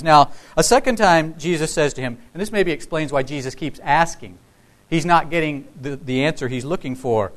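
A man giving a sermon to his congregation in a relaxed, conversational way, breaking into the voices of the people in his text. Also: fairly high pitch, normal speed, poor audio. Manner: conversational, acts out quoted dialogue. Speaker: pastor.

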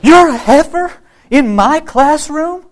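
A man voicing a gentle woman first-grade teacher with a mock-horrified, gasping manner. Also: very high voice, expressive, slow, pitched above the performer's own voice, exaggerated voice. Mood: coaxing.

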